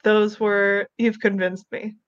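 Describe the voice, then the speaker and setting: A woman's voice: medium pitch, flat delivery, no room sound, lo-fi sound. A woman co-hosting a podcast in casual chat, playful and joking. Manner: playful, joking, quick to laugh. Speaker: podcast co-host.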